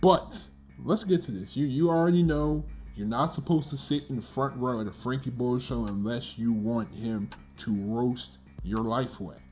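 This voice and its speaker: A man hosting a reaction video in relaxed, slangy casual chat. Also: mid-range voice, normal speed, faint music behind. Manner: laid-back, slangy. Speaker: YouTuber reacting to a clip.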